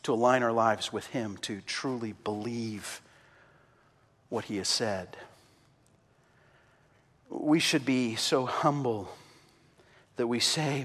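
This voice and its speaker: A man preaching a sermon and telling a story, impassioned, swinging between loud outbursts and quiet, slow passages. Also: medium pitch. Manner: impassioned, big swings in loudness. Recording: long hall reverb.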